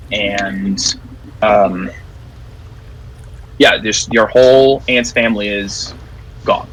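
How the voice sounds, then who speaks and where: A man narrating as game master of a tabletop game, describing scenes in a halting way with many fillers. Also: fairly low pitch, a bit bright, slight background noise, low-quality recording.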